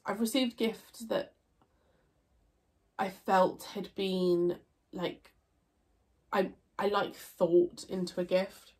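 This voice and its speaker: A young YouTuber with a lowish, darkish voice speaks slowly and fairly evenly, pausing often, as she works through viewer questions. Congested and nasal, she chats and rambles, leaning on "um" and "like" and regularly correcting herself.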